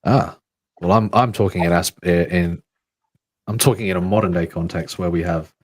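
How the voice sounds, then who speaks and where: A man's voice: sits low, steady tone, moderate pace. A man co-hosting a podcast, rambling and thinking aloud in casual chat, swearing now and then. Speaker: podcast co-host.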